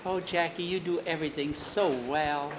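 A man voicing a coy young woman in a told western story, in a soft voice with faint background noise. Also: on the high side, steady tone, moderate pace, lightly acted. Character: coy young woman in her best dress.

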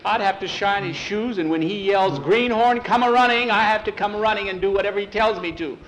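A man voicing an eager freckled schoolboy, pitching his voice up and speaking louder with excitement. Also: moderate pace, slight background noise, low-quality recording. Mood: worked up. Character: eager freckled schoolboy named Bran Face.

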